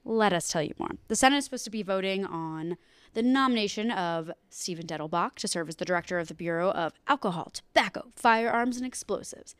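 A woman's voice: on the low side, fast, smooth, no echo. A young woman, co-hosting a casual news podcast with chatty, jokey asides. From United Kingdom. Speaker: podcast co-host.

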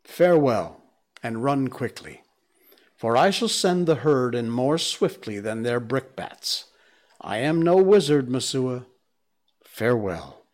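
A man's voice: mid-range voice, animated, slow pace, darkish tone. A man voicing a defiant young boy raised by wolves, proud and scornful.

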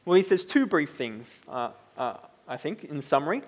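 A man in his thirties preaching a sermon in a relaxed, conversational way, often checking in with "right?". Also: fairly high pitch, moderate pace, in a large hall. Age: 30s. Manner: conversational, tag questions like "right?".

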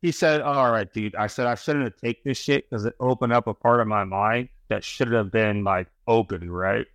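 A man's voice: lowish voice, moderate pace, fairly bright tone, dry recording. A middle-aged man, a podcast guest, telling a long story in casual chat, rambling and swearing, tagging sentences with "right?" and "bro".

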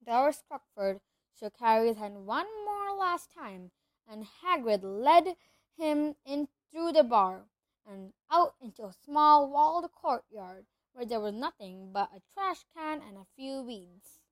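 A woman's voice: sits high, lively intonation, takes it slowly, dry recording. A woman narrating a children's storybook aloud, reading steadily with the occasional slip and restart. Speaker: reader.

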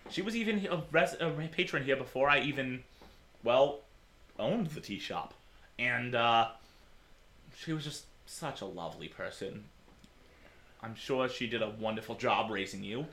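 A man voicing a short, bald, kindly old tea shop owner who walks with a cane, with a raspy voice. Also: medium pitch, animated, unhurried, pauses often, a bit bright. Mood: kindly, sorry.

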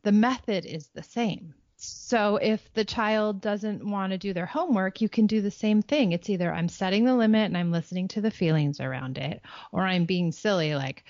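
A woman's voice: medium pitch, dry recording, muffled recording. A woman in her forties gives parenting advice in casual conversation and slips into silly voices for her examples. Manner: lively, slips into playful silly voices when acting out examples. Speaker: parenting expert guest.

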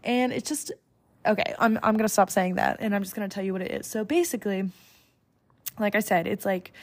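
A woman's voice: mid-range voice, brisk. Chatty young woman hosting a podcast. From United States. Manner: chatty, many fillers and self-corrections. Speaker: podcast host. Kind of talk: casual solo podcast chat.

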